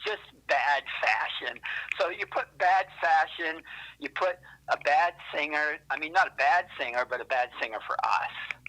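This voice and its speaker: A man's voice: on the high side, moderate pace, pushed and bright, slight background noise, low-quality recording. A man being interviewed, telling rambling, profane stories with lots of self-correcting asides. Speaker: interviewed musician. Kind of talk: casual interview storytelling.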